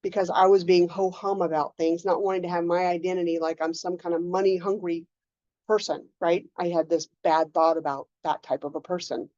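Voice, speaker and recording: A woman coaching a group in a casual lecture, animated, often acting out her own inner voices. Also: fairly low pitch, a little fast, no room sound, dull audio. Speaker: mindset coach.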